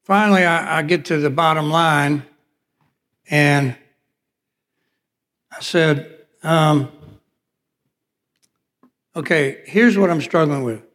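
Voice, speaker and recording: A man's voice: fairly high pitch, takes it slowly, pauses often, a bit bright. Man preaching a storytelling sermon in a reverberant hall. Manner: storytelling, acts out quoted dialogue. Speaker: pastor. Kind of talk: sermon with personal testimony. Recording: long reverb of a large hall.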